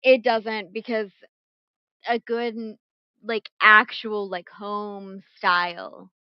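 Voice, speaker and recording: A woman running a tabletop game as game master, casual and animated, swearing freely, at her computer mic. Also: mid-range voice, slow, smooth, dry recording, lo-fi sound.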